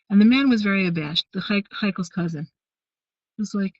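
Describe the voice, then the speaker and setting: A woman's voice: on the low side, fast, breathy edge, no echo. A woman teaching a weekly women's class, retelling a Hasidic story with frequent fillers and restarts. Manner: storytelling with many fillers and restarts, warm asides. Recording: dry, dull lo-fi sound.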